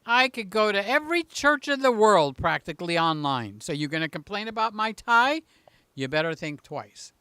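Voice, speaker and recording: An older man hosting a casual live stream, joking and teasing, swinging between loud bursts and quiet asides. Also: sits high, big pitch swings, normal speed, smooth, no room sound, clean studio sound.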